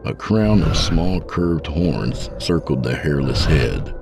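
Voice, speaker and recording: A man narrating a first-person horror story in a measured, descriptive way. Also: very deep voice, animated, creaky, over music.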